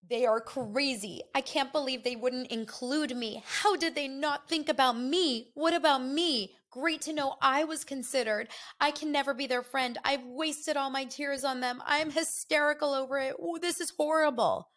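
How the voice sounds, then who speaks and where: A woman's voice: normal speed, few pauses, a bit bright. A woman putting on the voice of a hysterical young woman who whines melodramatically about being left out. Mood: wailing. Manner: whiny, shrill, melodramatic.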